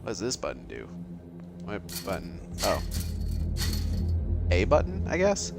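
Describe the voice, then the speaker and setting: A man's voice: sits low, wildly swooping pitch, measured pace, creaky, over loud music. A man with a mild Massachusetts accent giving casual, jokey and profane commentary as he plays a video game. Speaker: let's play host.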